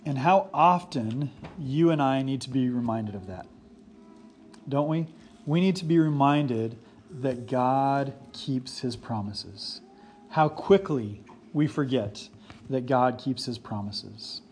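A man's voice: mid-range voice, slow, darkish tone, slight background noise. A man in his forties preaching a sermon, earnest and repeating key phrases for emphasis. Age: 40s. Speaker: pastor.

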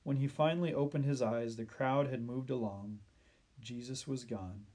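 A male storyteller reads a children's tale at a gentle, measured pace. He lets the sad moments slow and soften. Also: mid-range voice. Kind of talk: children's Bible story reading.

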